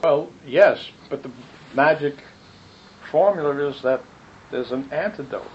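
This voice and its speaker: A man giving a rambling, animated spiritual talk, telling stories with quick asides. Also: mid-range voice. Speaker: spiritual teacher. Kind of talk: dharma talk with questions. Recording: muffled lo-fi recording with faint noise.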